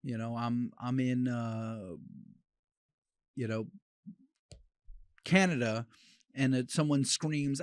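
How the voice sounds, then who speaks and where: A man hosting a solo podcast as a dog trainer, talking bluntly and with conviction in quick bursts, with frequent restarts. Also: mid-range voice, darkish tone, no room sound, studio quality.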